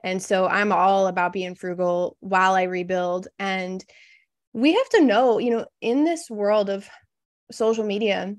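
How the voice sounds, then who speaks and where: A woman's voice: mid-range voice, a little slow, no echo, clean studio sound. A woman copywriter as a podcast guest in casual interview chat, frank and reflective, with many "you know" fillers.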